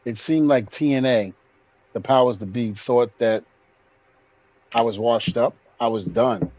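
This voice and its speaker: A man co-hosting a podcast, telling a long story in a relaxed way and quietly acting out what others said. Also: mid-range voice, muffled recording. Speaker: podcast co-host, retired wrestler. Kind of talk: casual storytelling.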